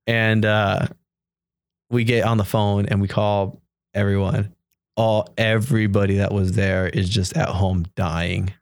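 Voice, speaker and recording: A young man telling a story in a casual chat, jokey, with quick asides and laughs mid-sentence. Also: lowish voice, little pitch movement, creaky, dry recording, clean studio sound. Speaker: podcast guest telling a story.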